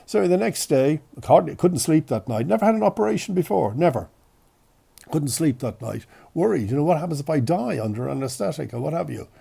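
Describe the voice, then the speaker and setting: Gravelly man with a cold. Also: fairly high pitch, fairly quick. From Ireland. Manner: chatty, self-deprecating, animated storytelling. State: has a cold. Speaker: podcast host. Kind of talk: casual storytelling.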